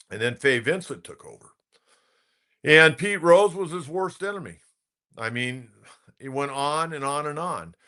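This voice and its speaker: Bright-voiced male sports talk host. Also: medium pitch. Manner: rambling, anecdotal, with restarts. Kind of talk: casual storytelling commentary.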